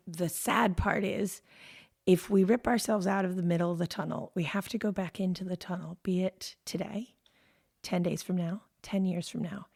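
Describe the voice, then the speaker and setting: Gravelly-voiced woman telling her story. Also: on the low side. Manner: animated, acts out her own inner voice in quotes. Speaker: podcast guest. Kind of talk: candid conversational storytelling.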